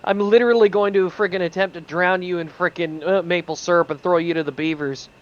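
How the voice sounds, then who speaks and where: A man's voice: sits high, fairly even intonation, fairly quick. Swearing joker man on a muffled mic. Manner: jokey, mock-threatening, swears freely. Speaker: streamer. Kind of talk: casual chat.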